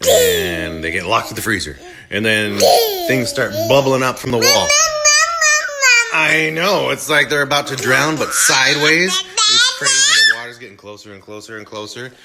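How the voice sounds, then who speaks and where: A man retelling a movie plot in a casual, animated way as a movie reviewer. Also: medium pitch, normal speed, vocal fry, over a noisy crowd. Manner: animated storytelling.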